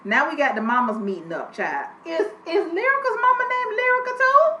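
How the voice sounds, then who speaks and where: A woman giving a blunt, profane, animated casual review of a reality TV episode. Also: very high-pitched, moderate pace. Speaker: TV show reviewer. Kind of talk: casual chat. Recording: echoey room with faint ambience.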